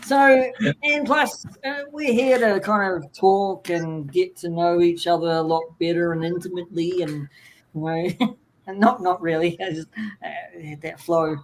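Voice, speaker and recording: Slow, rambling New host. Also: male voice, sits high, fairly even intonation, a little hiss or hum. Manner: rambling, jokey, self-correcting. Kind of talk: casual online chat show.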